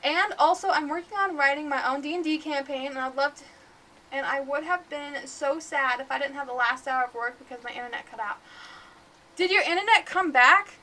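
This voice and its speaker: A woman streamer chatting through a horror game live, jumpy and giggly, yelling out to the ghost now and then. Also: sits high, brisk, a little hiss or hum. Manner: chatty, jumpy, laughs often, calls out loudly to the ghost.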